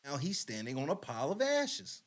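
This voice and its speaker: A man's voice: fairly high pitch, huge pitch swings, moderate pace. A man hosting a podcast, reacting to a clip with blunt, profane, mocking commentary. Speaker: podcast host. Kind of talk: casual commentary.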